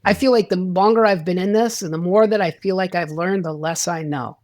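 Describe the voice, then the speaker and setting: A man's voice: sits high, brisk, a little mellow, dry recording, studio quality. A man, a sports psychologist, talking as a guest in a casual interview, rambling with restarts and acting out quoted dialogue.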